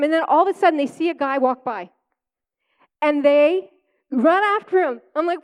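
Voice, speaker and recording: A woman with a bright, high-pitched voice shares her testimony from the pulpit. She tells it like a chatty story, laughing often as she goes. She sounds middle-aged. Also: normal speed. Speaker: preacher. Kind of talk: personal testimony sermon.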